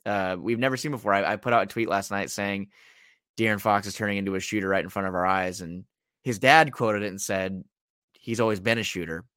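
A man's voice: lowish voice, a little fast, fairly bright tone, no room sound, clean studio sound. A man hosting a casual sports podcast, reeling off statistics and making emphatic points. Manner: reels off stats, emphatic.

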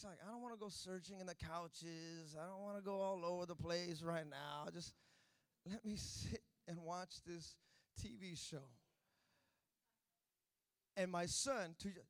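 A man preaching a sermon, telling a family story that builds into loud, emphatic preaching. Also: sits high, moderate pace, no echo, clean studio sound. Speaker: pastor.

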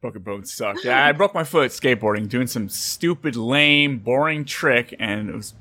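A man's voice: medium pitch, lively intonation, moderate pace, pushed and bright. A man hosting a casual chat, prompting others with questions. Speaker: host.

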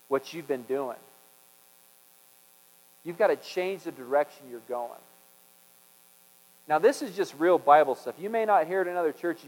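A man preaching a conversational sermon, swinging from loud emphasis to hushed tones. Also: fairly high pitch, in a large hall, poor audio. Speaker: pastor.

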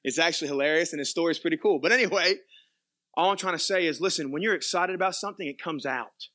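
A young male pastor delivers an animated sermon, sinking into quiet asides and then climbing to loud, emphatic peaks. His voice is a little high and he speaks fast.

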